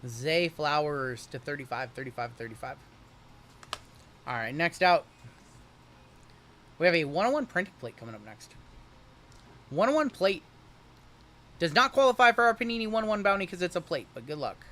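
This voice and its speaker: A high, bright-voiced man runs a livestream card break, calling out every pull as it comes. He keeps the patter jokey and upbeat between cards. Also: big pitch swings, moderate pace, long pauses, slight background noise. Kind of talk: livestream card-opening commentary.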